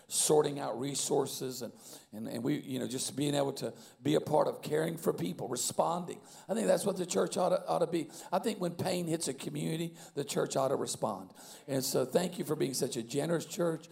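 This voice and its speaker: Hoarse male preacher, deep gravelly voice, dark tone, folksy and chatty. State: hoarse, lost voice. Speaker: guest pastor. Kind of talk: sermon opening.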